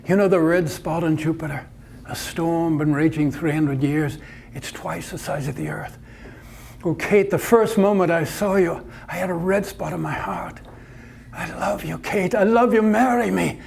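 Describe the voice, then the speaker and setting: A loud, insistent male astronomer who explains and corrects with emphatic force, as a man acts him out. The voice sits somewhat high and carries a gravelly edge. It is a spoken story told before a faint background hum. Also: moderate pace. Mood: excited.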